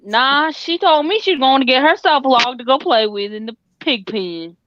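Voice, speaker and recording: A woman co-hosting a livestream, joking and deadpan teasing. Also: high voice, moderate pace, highs cut off, slight background noise. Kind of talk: casual livestream chat.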